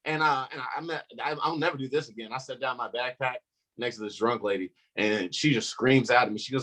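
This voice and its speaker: A man's voice: mid-range voice, fast. A young man doing a stand-up comedy set, telling stories and acting out the people in them. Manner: animated storytelling, acts out quoted voices.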